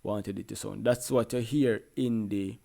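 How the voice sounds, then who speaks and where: A man's voice: fairly low pitch, fairly even intonation, unhurried, creaky, dark tone. A man with a Jamaican accent, a music producer talking casually through a tutorial in a laid-back way. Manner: laid-back, peppered with "you know what I mean".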